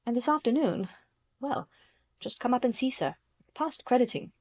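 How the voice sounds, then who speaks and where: Narrator voicing a talkative middle-aged housekeeper, respectful but gossipy. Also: female voice, a little high, animated, moderate pace, a little mellow, no echo. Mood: amazed. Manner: chatty, amazed, respectful.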